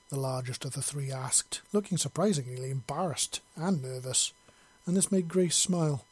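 A man narrating a story in a steady, plain reading voice. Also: mid-range voice, moderate pace, breathy edge.

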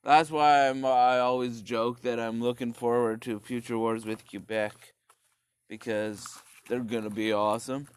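A man's voice: medium pitch, little pitch movement, unhurried, clear, resonant tone, dry recording. A man, ranting casually in a rambling, profane way full of fillers and restarts. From Canada. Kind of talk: casual rant.

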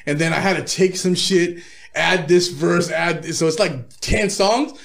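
A man's voice: a little high, unhurried, vocal fry, a bit bright. A man, a rapper guest in his thirties, telling profane, laid-back stories with frequent laughs in a casual interview.

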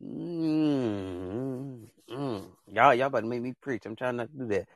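A man's voice: mid-range voice, a little slow, dry recording. Young man, AAVE speech, podcast host, passionate rambling advice, dry close sound. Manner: passionate, rambling, talks straight to viewers. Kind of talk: casual chat, preachy advice.

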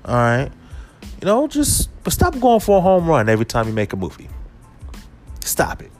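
Over soft background music, a man hosts a podcast at a fairly quick clip. His casual, comedic rant is animated, swinging in pitch and volume, and now and then he drops into a low put-on voice.

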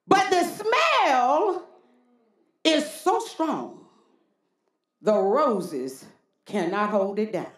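A woman's voice: high voice, expressive, very slow, long pauses, roomy sound. A woman pastor preaching a sermon, calling out to the congregation with repeated "Huh?" and folksy talk. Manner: call-and-response preaching with frequent "Huh?".

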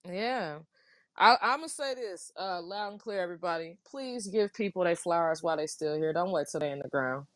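Woman, host, low voice, emphatic, dry sound. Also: moderate pace, no room sound. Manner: emphatic, repeats words. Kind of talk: casual tribute chat.

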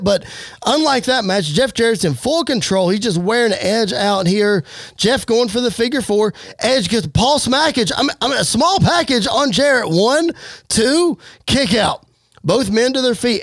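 A man giving energetic play-by-play wrestling commentary over a game. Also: extremely high pitch, no echo, studio quality. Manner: energetic play-by-play, occasional slips. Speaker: game narrator.

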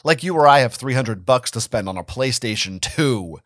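A man's voice: medium pitch, animated, normal speed, a bit bright, dry recording, clean studio sound, lightly acted. A man voicing a wisecracking, sardonic teenage boy in a dramatic fan-fiction reading. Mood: teasing. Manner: teasing, sarcastic.

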